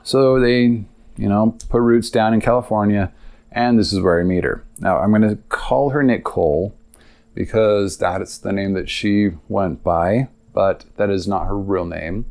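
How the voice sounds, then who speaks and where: A man's voice: lowish voice, unhurried, darkish tone. Rambling young man telling a story. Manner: rambling, casual, lots of filler and asides. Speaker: podcast host. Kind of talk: personal storytelling monologue.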